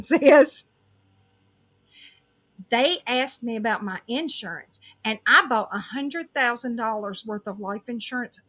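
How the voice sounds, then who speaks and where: Bright, high-voiced woman telling a story. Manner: animated, laughing through the story. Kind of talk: casual storytelling.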